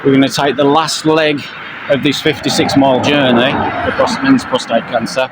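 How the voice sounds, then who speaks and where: Breathless man vlogging beside loud traffic. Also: medium pitch, flat delivery. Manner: halting, many fillers and restarts. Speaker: camping channel vlogger. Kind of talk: casual spoken update to viewers while walking. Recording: loud outdoor traffic noise.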